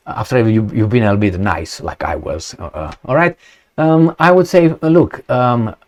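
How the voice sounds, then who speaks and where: A man reads out a news story and comments on it bluntly and sarcastically. He fires off rhetorical questions, swears now and then, and stumbles through filler words and restarts. His voice sits at a middling pitch but swings widely up and down. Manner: halting, many fillers and restarts.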